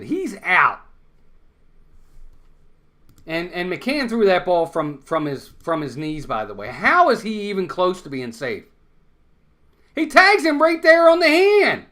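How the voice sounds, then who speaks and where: A man's voice: high voice, sharp tone. A man hosting a fan watch-along stream, calling baseball play-by-play and insisting on his points over and over.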